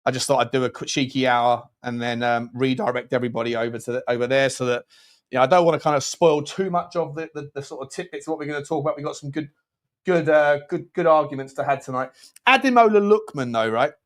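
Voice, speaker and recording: A man with a medium-pitched voice talks quickly while hosting a football channel. During a casual livestream chat he rambles and jokes, restarting his sentences again and again.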